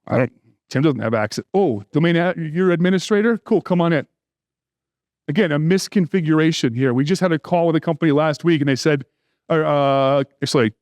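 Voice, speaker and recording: A middle-aged man presents at a conference in a conversational way, breaking in with joking asides. His voice sits high for a man. The sound is dry and close, with no room echo. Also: darkish tone. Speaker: security conference speaker. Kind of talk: conference talk.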